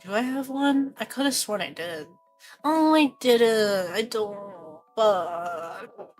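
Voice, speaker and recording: A woman's voice: on the high side, lively intonation, slow, soft background music. A young woman streaming, chatting casually in a rambling, jokey way and laughing often.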